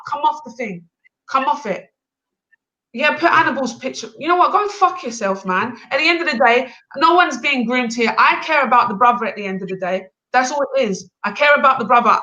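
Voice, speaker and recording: A woman with a high, bright voice, arguing her point bluntly and insistently. She swears freely and does not back down. This is a live online panel discussion. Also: dull audio. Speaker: panel participant. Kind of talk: heated live panel argument.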